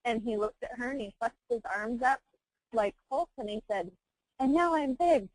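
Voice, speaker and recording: A woman in her thirties, an adoptive mother, telling her family story candidly in a webinar, animated and laughing often as she acts out quotes. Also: on the high side, moderate pace, noisy background. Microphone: webinar call mic.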